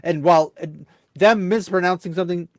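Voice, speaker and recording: A man's voice: high voice, brisk, no room sound, clean studio sound. A man co-hosting a casual group chat, joking and laughing often. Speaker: co-host.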